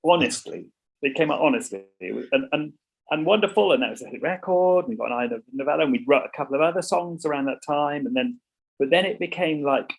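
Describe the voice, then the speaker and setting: A man's voice: fairly high pitch, expressive, fairly quick, vocal fry, breathy edge, rough recording. A middle-aged man, a songwriter talking casually in an interview, rambling with many restarts and repeats. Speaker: songwriter guest.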